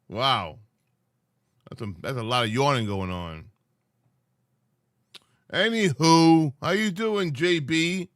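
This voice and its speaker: A man's voice: a little high, expressive, slow pace, pauses often, a bit bright, no echo, clean studio sound. A sleepy man hosting a livestream, chatting loosely with viewers and teasing them. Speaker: livestream host. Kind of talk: casual livestream chat.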